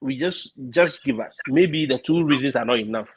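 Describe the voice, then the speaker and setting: A man's voice: medium pitch, normal speed, slightly rough, no echo. A man hosting a casual talk, speaking English with an African accent and an encouraging manner, often repeating words as he thinks aloud. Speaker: podcast host. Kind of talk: casual conversation. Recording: slightly dull lo-fi sound.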